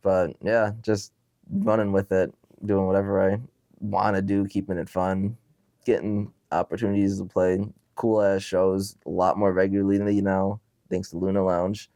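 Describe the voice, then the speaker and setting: A man's voice: low voice, little pitch movement, normal speed, dark tone, dry recording. A man who is a musician guest on a podcast, chatting. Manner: laid-back, laughs easily, says bro. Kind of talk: casual chat.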